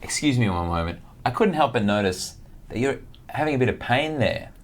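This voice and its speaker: A man with an Australian accent playing a polite, smooth-talking con man. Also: medium pitch, animated, brisk, natural voice. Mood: ingratiating.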